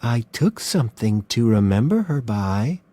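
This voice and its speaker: A man voicing a calm, smug male serial killer who speaks softly and slowly. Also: mid-range voice. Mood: menacing. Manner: soft, slow, mocking calm.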